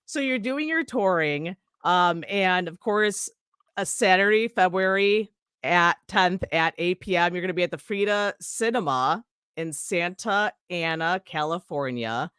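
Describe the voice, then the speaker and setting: A woman from Illinois co-hosting a casual podcast interview, chatty and quick to laugh. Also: on the low side, lively intonation, fairly bright tone, smooth, dry recording, clean studio sound. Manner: giggly, chatty, jokey. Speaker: podcast co-host.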